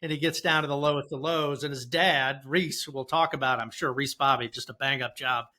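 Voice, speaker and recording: Male co-host, sharp bright tone, runs the segments. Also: mid-range voice, fairly even intonation, brisk. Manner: leads the talk, passes to guests. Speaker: podcast co-host. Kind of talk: casual movie chat.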